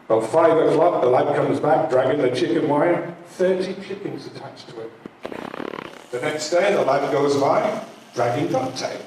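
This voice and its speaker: An older man telling jokes to an audience at a community show, a lively storyteller who acts out every voice. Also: fairly high pitch, moderate pace, a little hiss or hum. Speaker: joke teller at a community show. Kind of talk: stand-up joke telling. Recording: echoey hall from far off.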